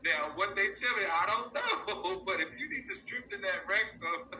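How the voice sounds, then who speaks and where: Dramatic playful cohost guy, high bouncy voice, sounds far from the mic. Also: expressive, moderate pace, bright, forceful tone. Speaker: co-host. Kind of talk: casual gossip talk show banter. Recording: dull, distant mic with faint noise.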